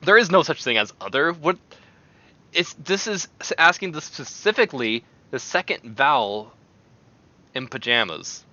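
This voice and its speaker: A male streamer chats casually, rambling and exclaiming as he goes. His voice is very bright and jumps widely in pitch. The audio sounds dull and lo-fi. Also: big pitch swings, normal speed.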